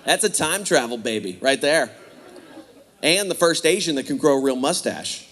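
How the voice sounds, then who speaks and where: A man performing a stand-up comedy set with a punchy, animated delivery, often slipping into character voices. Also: a little high, moderate pace, background noise. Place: comedy stage before a laughing audience.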